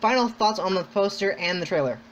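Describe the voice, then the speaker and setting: A man hosting a podcast in casual chat, rambling and excitable, full of "like". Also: sits high, a little fast, slight background noise. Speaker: podcast host. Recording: dull lo-fi sound.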